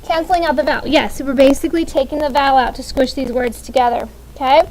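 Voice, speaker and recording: High-voiced upbeat woman teacher. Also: fairly even intonation, quick pace, a little mellow, slight background noise, rough recording. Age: 30s. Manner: upbeat, checks in with "okay?" often. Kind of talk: classroom grammar lesson. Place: classroom.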